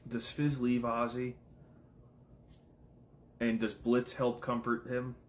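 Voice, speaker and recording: A man's voice: medium pitch, slight background noise. A man giving casual commentary, firing off questions and swearing freely. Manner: rapid-fire questions, profane, excitable. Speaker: content creator.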